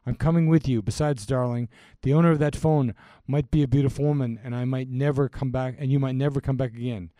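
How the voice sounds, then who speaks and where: A man's voice: medium pitch, steady tone, fast talker, mellow, dry recording, natural voice. A man reading the part of a doting young woman who has just got engaged. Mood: anxious.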